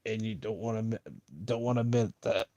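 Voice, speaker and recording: A man's voice: lowish voice, fairly even intonation, a little fast, mellow, no echo. A man rambling in a casual monologue, full of fillers and restarts, mocking the people he disagrees with. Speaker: streamer.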